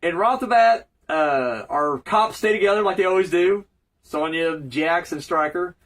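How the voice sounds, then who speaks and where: A man's voice: high-pitched, moderate pace, fairly bright tone, rough recording. A man giving a rambling, profane, joking casual recap of a cartoon episode as a reviewer.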